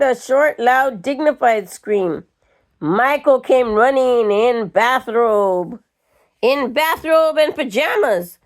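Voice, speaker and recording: An older woman reading a short story aloud in a slow, measured way. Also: a little high, lively intonation. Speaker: reader.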